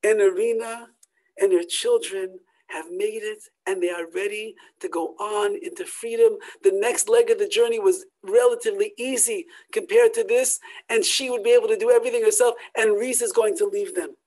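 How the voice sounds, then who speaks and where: A Torah teacher telling a story in a sermon, swinging from loud emphatic peaks to hushed near-whispers. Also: medium pitch, steady tone, moderate pace, poor audio.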